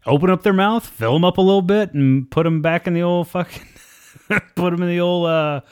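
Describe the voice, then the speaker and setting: A man with a slightly raised pitch trades profane jokes in relaxed podcast chat. His delivery is loose and conversational. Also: brisk, clear, resonant tone, dry recording, studio quality. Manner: joking, profane banter. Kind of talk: casual chat.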